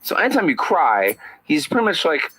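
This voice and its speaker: A man doing a satirical impression of an older male actor as a podcast guest, speaking in halting phrases with odd pauses. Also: fairly high pitch, sing-song, pushed and bright, breathy edge, pitched above the performer's own voice, heavily acted, rough recording. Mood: storytelling.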